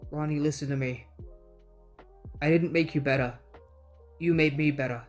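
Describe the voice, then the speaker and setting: A man voicing an older male professor, speaking softly and calmly with a tender, fatherly manner. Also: on the high side, normal speed, soft background music, close to an everyday voice. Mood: tender farewell. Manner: soft, calm and tender.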